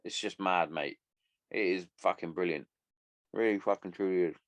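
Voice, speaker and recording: A man's voice: deep voice, steady tone, moderate pace, no echo. A man in his thirties hosting a solo podcast, rambling and swearing casually as he chats. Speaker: podcast host.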